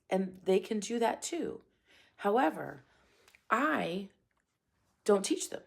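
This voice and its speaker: Husky, gravelly karate instructor woman. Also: mid-range voice. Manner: calm, direct and emphatic, with repeated phrases. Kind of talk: parenting advice talk.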